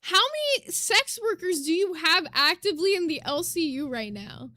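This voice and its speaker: A woman talks to her livestream chat in a loose, chatty way. Her voice sits high and sounds bright and a bit sharp. The sound is dry and close. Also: animated, normal speed, no echo. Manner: chatty, reads chat aloud. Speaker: streamer reacting to clips. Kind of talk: casual livestream commentary.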